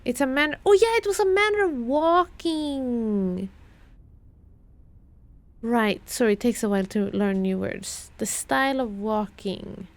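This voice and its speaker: British woman streamer, higher voice, slow and musing, talks herself through puzzles. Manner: muttering, puzzling things out slowly, repeating clues. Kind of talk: thinking aloud while playing a puzzle game.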